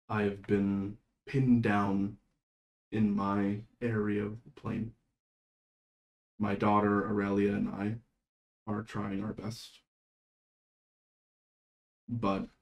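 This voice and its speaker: A weary goddess of death, voiced by a man in a tabletop game, her words slow, quiet and measured. She speaks with a somewhat low voice and calm gravity, pressed on every side yet still composed. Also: rough recording. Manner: slow, measured, softly spoken.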